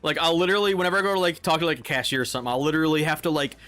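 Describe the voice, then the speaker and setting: Yo, young guy streaming, rambly and sweary, quick laughs, bright tone, faint music behind. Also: on the high side, fairly even intonation. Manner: rambling, profane, laughs often. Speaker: live streamer. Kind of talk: casual gameplay chatter.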